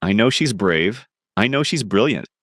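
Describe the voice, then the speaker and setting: A man voicing a tough, stubborn male crime boss who gives gruff commands, in a storybook reading. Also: fairly low pitch, animated, normal speed, fairly bright tone, dry recording, clean studio sound. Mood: determined.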